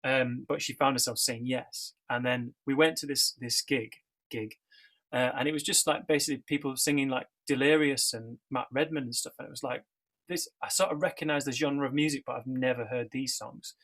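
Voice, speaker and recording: A man's voice: medium pitch, steady tone, brisk, fairly bright tone. A middle-aged man, sharing his life story casually, rambling with many fillers and restarts. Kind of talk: casual personal testimony.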